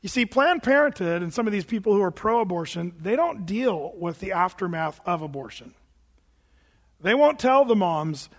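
A high-voiced male pastor preaches a sermon in a casual, conversational way, often restarting his phrases. His voice rings through a large church sanctuary with a long reverb. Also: expressive, normal speed.

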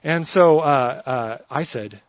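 A man preaching a sermon, telling a funny personal story in an animated, joking way. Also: a little high, takes it slowly, dry recording, lo-fi sound.

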